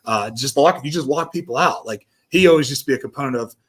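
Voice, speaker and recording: A man's voice: medium pitch, slightly rough. A man in his thirties, a guest on a sports talk show, talking emphatically and cursing freely. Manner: emphatic, profane, rapid-fire. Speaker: guest, former NFL defensive lineman. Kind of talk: casual sports chat.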